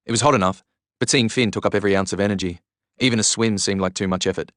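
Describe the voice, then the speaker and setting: A low-voiced man narrates a novel in the first person, steady and earnest. The read is close and dry, with no room around it. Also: fast talker, dry recording. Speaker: reader. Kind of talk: audiobook narration.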